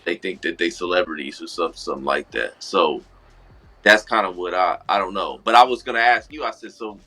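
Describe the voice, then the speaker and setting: Low, bright-voiced LA man rambling. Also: a little fast. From Los Angeles. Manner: relaxed, rambling with many restarts and "I said". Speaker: podcast co-host. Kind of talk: casual storytelling chat.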